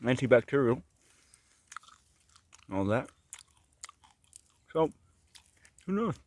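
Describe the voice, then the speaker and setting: A man's voice: medium pitch, big pitch swings, takes it slowly, a little mellow. Man rambling through his overgrown garden. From Korea. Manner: rambling, musing asides; talks while chewing. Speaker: vlogger clearing a fruit garden. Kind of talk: casual walk-and-talk vlog. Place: outdoors in an overgrown tropical garden.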